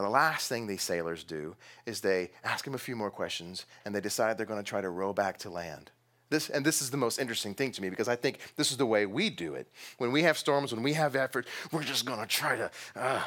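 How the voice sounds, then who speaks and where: This man, a pastor with a medium-pitched, somewhat bright voice, preaches casually, with occasional laughs and bursts of heavy stress on some words.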